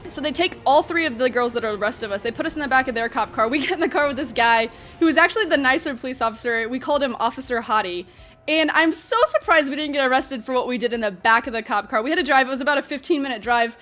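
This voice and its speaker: A young woman vlogger telling a story in an animated, chatty way, full of fillers. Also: high voice, fast talker, soft background music. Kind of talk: storytime vlog.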